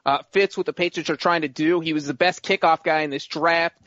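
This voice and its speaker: A man with a high-leaning, fairly bright, steady voice co-hosts a sports podcast and grades picks. He talks casually and playfully, rambling as he makes his picks and quickly defending them. The recording is muffled with no room sound.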